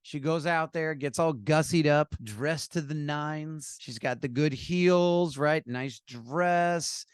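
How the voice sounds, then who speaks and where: A man's voice: a little high, slow, hardly any pauses, smooth, dry recording, clean studio sound. A man hosting a podcast, telling a story in a rambling, self-deprecating monologue. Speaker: podcast host. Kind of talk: casual monologue.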